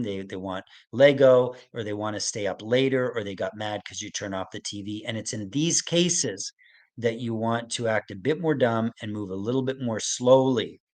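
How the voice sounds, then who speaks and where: A middle-aged man leads a parenting webinar in a calm, gentle way. He repeats key phrases so that they sink in and often checks in with the listeners. His pace is patient and he explains things slowly. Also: medium pitch. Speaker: autism expert presenting a webinar.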